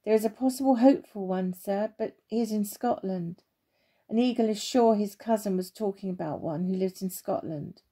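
A woman's voice: mid-range voice, moderate pace, warm tone, slightly rough. A woman doing Timmy, a nervous little bird. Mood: apologetic. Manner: nervous, apologetic.

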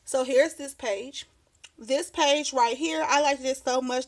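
High-voiced chatty woman vlogger. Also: steady tone. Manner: chatty, rambling, quick to laugh. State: slightly out of breath. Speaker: craft vlogger. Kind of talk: casual show-and-tell chat. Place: home craft desk.

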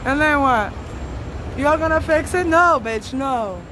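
A woman's voice: high voice, lively intonation, measured pace, noisy background. A woman ranting bluntly and combatively while walking outdoors on a city street, swearing a lot. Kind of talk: profane street rant.

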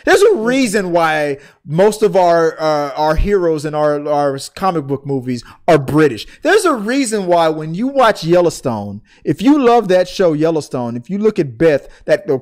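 Rambling, higher-voiced American man. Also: lively intonation, normal speed, few pauses. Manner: rambling, many restarts and stumbles. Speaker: podcast co-host. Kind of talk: casual chat.

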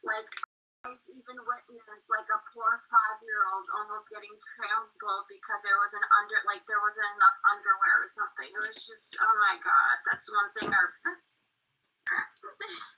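A woman's voice: mid-range voice, normal speed. Chatty, rambling woman in a group talk; distant, muffled audio. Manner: rambling, full of "like". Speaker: group participant. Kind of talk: casual group discussion.

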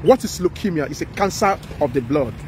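A man's voice: a little high, expressive, fairly quick, noisy background. A man with a Nigerian accent giving impassioned commentary, emphatic and repetitive, pleading with his listener. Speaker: social commentator.

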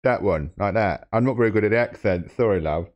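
A man's voice: fairly low pitch, fairly quick, highs cut off. A young man, cheekily trolling a phone host with mock-serious banter and then plugging his channel in a casual way. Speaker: prank caller and channel host. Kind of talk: casual prank phone call and channel plug.

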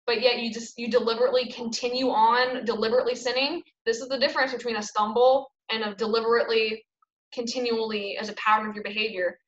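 A young woman teaches a casual Bible study in an animated, chatty way, scattering "like" through her talk. Her voice sits a bit high. The sound is dull and lo-fi, with a lot of room echo. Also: slight background noise. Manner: chatty and animated, lots of "like" fillers.

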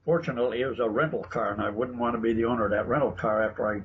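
A man's voice: medium pitch, fairly even intonation, very fast. A man being interviewed, telling stories in a chatty, anecdotal way, with frequent restarts. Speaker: guest author and researcher. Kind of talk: casual interview talk, storytelling. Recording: dull lo-fi broadcast audio with faint noise.

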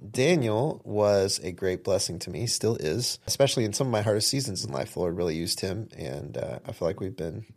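A man hosting a faith podcast in casual conversation, relaxed and quick to laugh, often trailing off softly. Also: sits low. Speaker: podcast host.

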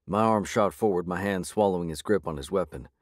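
Deep-voiced male audiobook narrator. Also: fairly quick, no room sound, clean studio sound. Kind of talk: first-person audiobook narration.

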